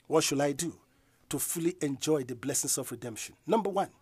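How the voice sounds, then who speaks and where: A man preaching a fiery sermon, emphatic and repetitive, building to loud proclamations. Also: a little high, a little fast, breathy edge, dry recording. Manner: emphatic, repeats declarations, rises to loud proclamations.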